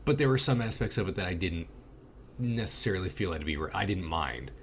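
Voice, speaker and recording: A man with a very low voice co-hosting a casual movie review podcast. He talks bluntly and profanely, and there is a faint hiss under the recording. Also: quick pace. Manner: blunt, profane, animated storytelling. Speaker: podcast co-host.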